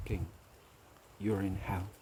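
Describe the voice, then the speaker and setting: A man voicing a calm, terse wise man in a told parable, speaking in a measured, unhurried way. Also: deep voice, slight background noise.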